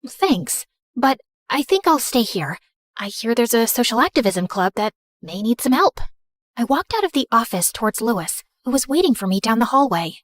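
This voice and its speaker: A woman's voice: fairly high pitch, very animated, moderate pace, no room sound, studio quality. A woman narrating a first-person school story in a chatty, youthful manner.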